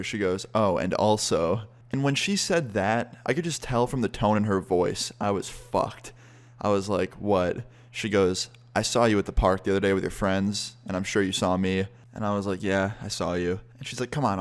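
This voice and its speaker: Young man, low voice, casual storytime vlog, swears freely, animated retelling. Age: young adult. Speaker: vlogger.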